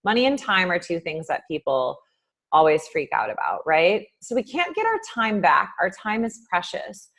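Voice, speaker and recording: Speaking at a moderate pace, this very animated woman life coach delivers a relaxed, live-streamed pep talk. She fills it with ums and plays out her inner voices through wide swings in pitch and volume.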